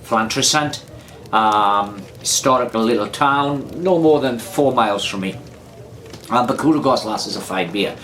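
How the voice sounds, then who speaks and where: A man's voice: medium pitch, a little slow, a bit bright, slight background noise. A Welsh man hosting a casual beer review vlog, chatty and rambling, repeating himself and drifting into anecdotes. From Wales.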